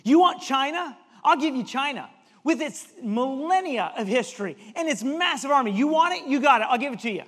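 A man acting out the devil as a smooth, persuasive tempter offering the world's kingdoms. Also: extremely high pitch, expressive, fairly quick, fairly bright tone, big-room sound. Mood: coaxing.

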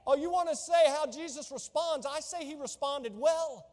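High-voiced fervent preacher man. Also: moderate pace, in a large hall. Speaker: pastor. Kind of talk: sermon.

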